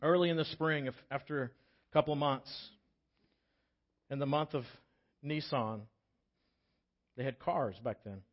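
A man preaching a sermon as pastor, acting out voices from the scripture story in an animated way. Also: mid-range voice, unhurried, pauses often, highs cut off. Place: church sanctuary.

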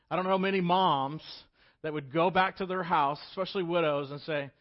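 A pastor retells a story to his congregation in an easy, conversational sermon. His voice sits a little high and he swings from loud emphasis to hushed moments. The recording is dull and lo-fi. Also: brisk.

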